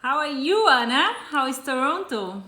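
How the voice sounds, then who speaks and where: A woman's voice: sits high, sing-song, normal speed, sharp tone, echoey room. A woman with a Brazilian accent hosting a live cooking stream, chatting casually and greeting viewers by name. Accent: Brazilian Portuguese. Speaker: cooking show host.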